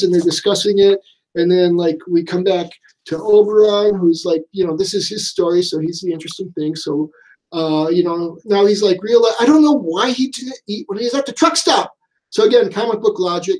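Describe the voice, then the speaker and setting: A man talks casually through a comic book, rambling and pausing with lots of ums and uhs. His voice sits fairly high for a man. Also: darkish tone, poor audio. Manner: rambling, many fillers. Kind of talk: casual chat.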